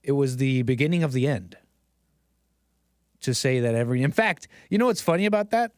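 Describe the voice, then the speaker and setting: A man's voice: medium pitch, animated, a little fast, dry recording, studio quality. A man live-streaming a casual, rambling monologue, often laughing at himself and restarting his sentences. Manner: rambling, self-deprecating, frequent laughs and restarts.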